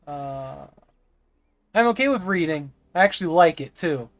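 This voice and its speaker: A man's voice: high voice, lively intonation, takes it slowly, long pauses, no room sound. A man streaming a game live, rambling and chatting with viewers, sometimes stammering over words. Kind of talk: live gameplay stream chat.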